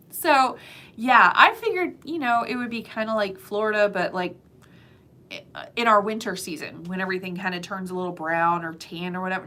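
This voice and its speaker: Bright chatty woman vlogger. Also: mid-range voice. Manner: chatty and animated, laughing often, many fillers. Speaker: realtor. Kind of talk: casual chat to camera. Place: lives in Florida.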